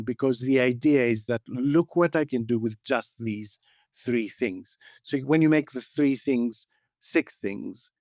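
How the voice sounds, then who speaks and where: A man's voice: medium pitch, darkish tone, no room sound. A man co-hosting a podcast, chatting through the news in a wry, thoughtful way on a close mic. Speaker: podcast co-host. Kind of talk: casual news chat.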